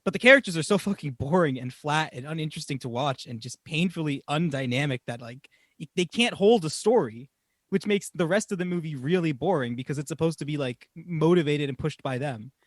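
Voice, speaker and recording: A young man co-hosting a casual movie podcast, animated and swearing, often laughing and mocking what he watched. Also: a little high, fairly quick, no echo, studio quality. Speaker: podcast co-host. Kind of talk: casual film review chat.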